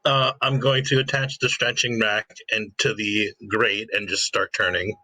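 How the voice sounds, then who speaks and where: A man playing a tabletop game, asking quick, scheming questions. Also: fairly low pitch, level tone, pushed and bright, dry recording, rough recording. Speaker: player. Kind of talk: casual tabletop play.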